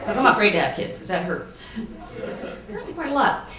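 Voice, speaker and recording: A middle-aged woman doing a stand-up comedy set with a dry, deadpan delivery, breaking into sudden high squeals, on a comedy club stage with a handheld mic. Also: normal speed. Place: comedy club stage before a laughing audience. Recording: echoey club recording from a distance, noisy.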